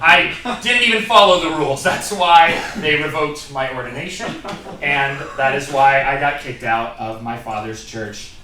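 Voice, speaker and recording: A man doing a stand-up comedy set on a theatre stage, animated, acting out characters in shouted voices. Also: mid-range voice, normal speed, noisy background. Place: theatre stage with live audience. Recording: echoey theatre, distant mic, crowd laughter. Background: audience laughter.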